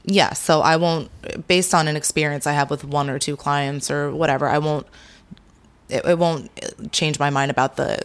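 A young woman speaking frankly as an interview guest, retelling conversations with lively energy. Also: sits low, moderate pace. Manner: frank, animated when retelling talks.

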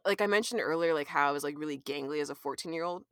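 A woman guest on a podcast telling animated stories, swearing and filling with "like". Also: sits low, racing, clean tone, no echo, studio quality. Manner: animated storyteller, swears, many "like"s. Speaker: guest artist. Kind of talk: casual podcast chat.

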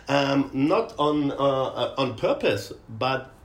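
A man talking as a guest about working with athletes, hesitant and halting, often trailing off softly. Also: medium pitch, lively intonation. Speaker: guest who works with athletes. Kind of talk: casual conversation. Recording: echoey room.

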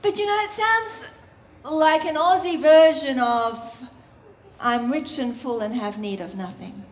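A woman preaching a sermon in a soft, intimate, earnest way that often drops to a hush. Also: sits high, measured pace, slight background noise. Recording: roomy echo.

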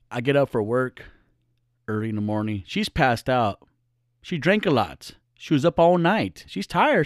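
A man's voice: medium pitch, big pitch swings, moderate pace, dry recording, studio quality. A middle-aged man telling a personal story casually, blunt and profane, acting out the voices.

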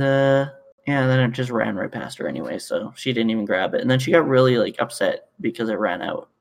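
A Canadian man co-hosting a podcast rambles through work stories in casual chat, profane and full of fillers and restarts, while his knee is in pain. His medium-pitched voice is expressive, brisk, and creaky.

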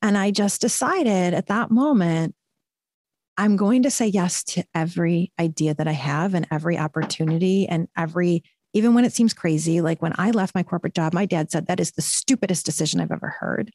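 A woman in her forties, a podcast guest, telling a personal story in an earnest, animated way with quick bursts. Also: fairly low pitch, dry recording, studio quality. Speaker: podcast guest, purpose coach. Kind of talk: conversational storytelling.

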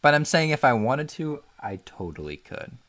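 A man hosting a podcast in casual chat from his bedroom, often mumbling and trailing off softly. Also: medium pitch, sing-song, moderate pace. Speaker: podcast host. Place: bedroom at home.

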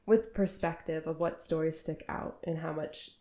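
A young American woman chatting casually as co-host, telling stories in a bubbly, animated way. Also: deep voice, moderate pace, reverberant. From United States. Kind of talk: casual chat.

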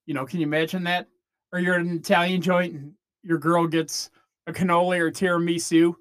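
A man's voice: high-pitched, level tone, brisk, a bit bright, smooth. A man hosts his comedy podcast with a rambling rant full of restarts and exaggerated impressions. He talks into a close mic. The sound is dry, with no room echo at all. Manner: rambling, self-interrupting rant with mock voices. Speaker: podcast host. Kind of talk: comedic monologue.

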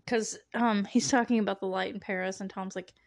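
A woman's voice: mid-range voice, steady tone, a little fast, creaky. Gushing young woman podcast host. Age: young adult. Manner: gushing, rambling, laughs often, many "like" fillers. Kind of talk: casual chat about a movie.

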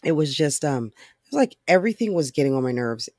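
Solo podcast rant, blunt, profane, frustrated, filler-heavy, mid-pitched, dry. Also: big pitch swings, a little mellow, dry recording. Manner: fast talker. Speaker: podcast host.

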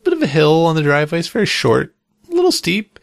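Gravelly, laughing storyteller man. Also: on the high side, wildly swooping pitch, fast talker, no room sound, studio quality. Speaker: podcast co-host, parent. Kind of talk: casual chat.

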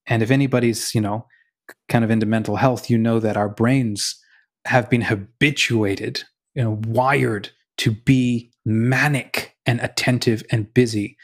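A man's voice: steady tone, unhurried. A man co-hosting a faith podcast, telling stories in casual conversation and acting out the quotes inside them. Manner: storytelling, acts out quotes with rising pitch. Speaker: podcast co-host.

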